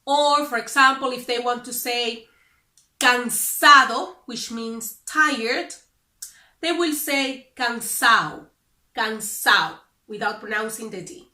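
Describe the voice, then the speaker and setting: Woman with a Dominican Spanish accent, Spanish teacher, high pitch, unhurried delivery, deliberate explanations. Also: sharp tone. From Dominican Republic. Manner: deliberate, correcting common claims. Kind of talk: explanatory lesson to camera. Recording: echoey room, mic at a distance.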